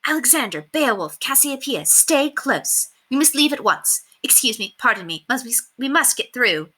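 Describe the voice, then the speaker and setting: A woman voicing a proper young governess in a storybook, speaking in crisp, commanding tones. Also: high voice, big pitch swings, normal speed, bright, forceful tone, pitched above the performer's own voice, full character voice. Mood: urgent.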